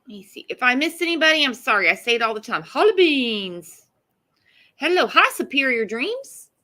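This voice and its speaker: A woman's voice: high voice, sing-song, quick pace, sharp tone. A woman hosting a casual true crime livestream, blunt and profane, greeting chat viewers by name.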